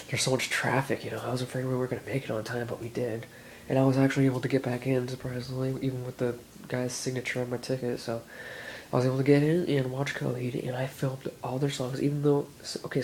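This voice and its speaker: An eighteen-year-old man vlogging casually, rambling excitedly and filling his talk with "like" and "you know.". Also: mid-range voice, slight background noise, poor audio.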